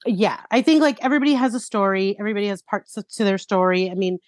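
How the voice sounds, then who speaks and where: A woman's voice: mid-range voice, quick pace, a little mellow, dry recording. Woman podcast co-host, slightly sick voice, casual chat, many fillers, dry close sound. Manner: chatty, laughs often, many fillers. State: recovering from a cold, sick voice.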